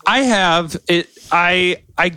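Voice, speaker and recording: A man's voice: high voice, takes it slowly, pushed and bright, smooth, no echo. A man co-hosting a casual podcast, reading an article aloud and breaking off to joke and riff with friends. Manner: playful, jokey, breaks off to riff.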